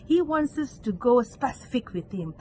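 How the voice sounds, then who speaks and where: A woman's voice: animated, moderate pace, a little mellow, slight background noise, low-quality recording. A woman with a Malaysian English accent giving an earnest devotional reflection on a scripture reading, as a lay catechist. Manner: earnest, acts out quoted voices with sudden pitch jumps.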